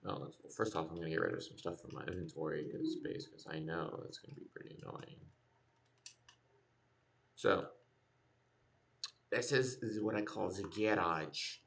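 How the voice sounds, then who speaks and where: Low gravelly dude streaming a build, rambling, thinking out loud, mic far away, loud noise behind. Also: male voice, moderate pace, pauses often. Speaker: game streamer. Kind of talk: casual gameplay commentary.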